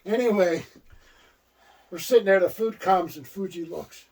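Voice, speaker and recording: Husky older man telling stories. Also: high-pitched, moderate pace, darkish tone, distant mic, low-quality recording. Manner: rambling storyteller. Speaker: co-host. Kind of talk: casual chat.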